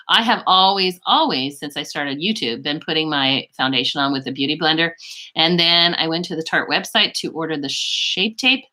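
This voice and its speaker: A woman's voice: low voice, bright, forceful tone. A woman hosting a beauty live stream, chatting casually and answering viewers' chat messages in a rambling, friendly way. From Canada.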